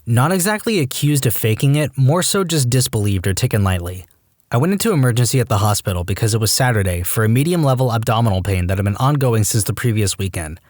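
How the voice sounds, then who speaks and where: A man narrating reddit stories aloud, reading in a brisk, even voice. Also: mid-range voice, no room sound, studio quality. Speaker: story narrator.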